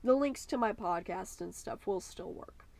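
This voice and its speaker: A woman's voice: mid-range voice, normal speed, vocal fry, darkish tone. A woman hosting her art channel, giving a casual, enthusiastic voice-over that rambles with many ums and slips into a playful put-on accent. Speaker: YouTube art channel host.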